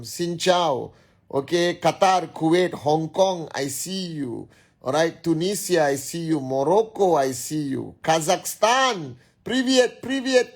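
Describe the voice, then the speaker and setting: A man hosting a livestream, giving a forceful motivational talk to his team and calling out shout-outs to viewers. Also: fairly high pitch. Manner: forceful, exhorting, rapid-fire shout-outs. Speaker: business leader hosting a livestream.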